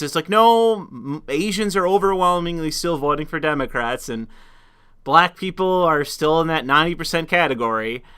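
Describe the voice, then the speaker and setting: A man's voice: on the high side, animated, normal speed, pushed and bright, clear, resonant tone. A man hosting a livestream, talking casually about politics in rambling rhetorical questions with frequent restarts. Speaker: stream host.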